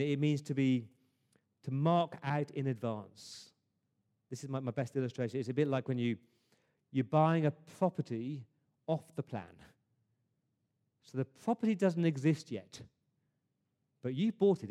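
A man's voice: mid-range voice, measured pace, pauses often, mellow. A man preaching a sermon to his congregation, earnest, often restarting words and asking rhetorical questions. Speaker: pastor. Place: church service.

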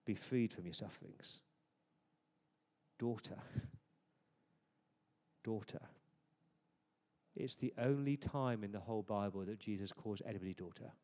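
A man's voice: on the low side, a little fast, few pauses. Preaching man in an echoing hall. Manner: conversational, swings from hushed to emphatic. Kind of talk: sermon. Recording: long hall reverb.

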